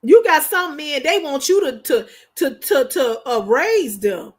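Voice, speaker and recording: A woman's voice: high voice, expressive, measured pace. A woman hosting a livestream, talking casually and emphatically, often repeating herself for effect. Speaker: livestream host.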